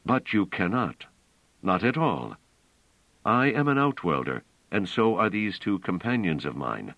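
A man's voice: on the low side, big pitch swings, unhurried, dry recording, voice pushed up, exaggerated voice. A man voicing an earnest, anxious male scholar who pleads in a half-strangled, over-earnest way. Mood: desperate. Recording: dull, dry audio.

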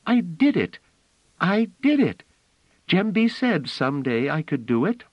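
Breathless excitable little girl voiced by a man, squeaky high pitch, loud insistent bursts, storybook reading. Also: unhurried, no room sound, highs cut off, full character voice. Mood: excited.

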